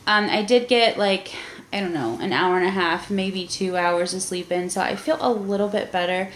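A tired young mother chatting casually in a home vlog, soft-spoken, with lots of fillers and little laughs. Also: mid-range voice, normal speed. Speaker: family vlogger, mother. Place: bedroom at home. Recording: roomy room, faint noise.

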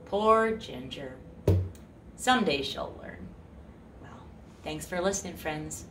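A woman hosting a children's music show, talking softly and playfully to young listeners and pretending to forget things. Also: low voice, animated, takes it slowly, distant mic, background noise. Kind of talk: gentle talk to children. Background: guitar.

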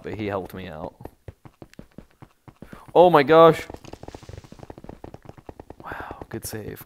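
A man giving casual, rambling commentary on a tour of his game village, easily excited and breaking into sudden outbursts. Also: fairly low pitch, a little hiss or hum.

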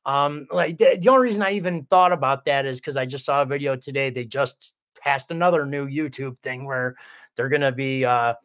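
A man's voice: mid-range voice, brisk, fairly bright tone. A man hosting a casual livestream, reading viewer comments aloud and rambling with lots of swearing and restarts. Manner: rambling, profane, full of restarts.

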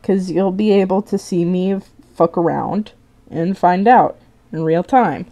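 A woman's voice: lowish voice, a little slow, warm tone, muffled recording. A tired young woman streaming live, chatting casually while she draws, rambling, swearing and poking fun at herself.

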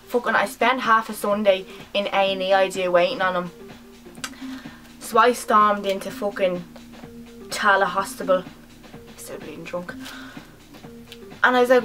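A woman playing a brash young Dublin woman with a Dublin accent, telling a loud, sweary story to her friends in a comedy monologue. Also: mid-range voice, lightly acted, poor audio. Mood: ranting.

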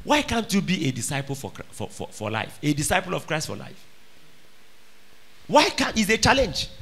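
A man preaching with a bright, high voice that leaps up and down as he drives his points home. He fires repeated questions at the congregation and swings from shouted lines to quiet ones. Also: huge pitch swings, moderate pace, creaky, husky. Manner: emphatic, calls out questions to the congregation. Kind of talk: sermon.

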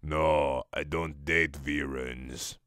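A man voicing a scheming, theatrical young villain in a comic fanfic reading, with a slow, mock-menacing delivery. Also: rumbling low, fairly even intonation, a bit bright, no room sound, clean studio sound, voice pushed down, heavily acted.

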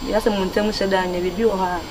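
A woman playing a young woman being courted in a comedy sketch, answering softly and playfully. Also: medium pitch, little pitch movement, fast talker, crowd noise, close to an everyday voice. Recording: noisy background.

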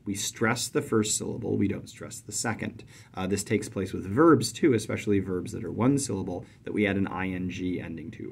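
Deep gravelly guy teaching poetry meter, husky, measured and emphatic on the beats. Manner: measured, emphatic on stressed syllables, drops to soft low voice when reciting. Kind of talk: explanatory lesson with poem recitation.

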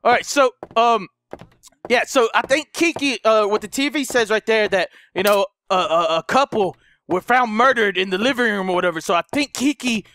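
A man commentating a horror game, panicking loudly, swearing and laughing. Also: high-pitched, moderate pace, smooth, dry recording. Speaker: gamer commentator. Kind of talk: let's play commentary.

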